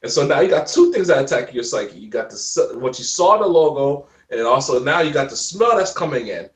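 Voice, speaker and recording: A man in his forties telling stories in a casual interview chat, animated and laughing often. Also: mid-range voice, brisk, reverberant, distant mic. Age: 40s. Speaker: guest.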